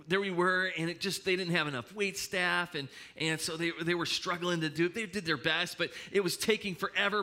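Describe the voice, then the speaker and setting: A middle-aged man preaching a sermon as pastor, telling stories in an animated way with frequent restarts. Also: high voice. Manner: animated storytelling with hesitant restarts. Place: church.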